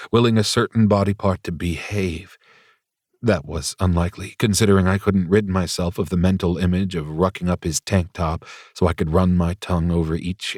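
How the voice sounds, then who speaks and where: Deep-voiced male audiobook narrator. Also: no room sound, clean studio sound. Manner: wry, confiding inner monologue. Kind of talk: first-person audiobook narration.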